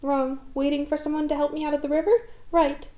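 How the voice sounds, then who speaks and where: A woman voicing a gloomy, sarcastic old male donkey who speaks dryly and slowly. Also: high voice, flat delivery, warm tone, lightly acted. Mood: sardonic. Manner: dry, slow, sarcastic.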